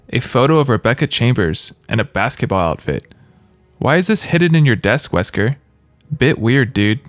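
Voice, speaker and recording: A man's voice: medium pitch, no room sound. A man giving scripted video-game trivia narration, with wry, joking asides.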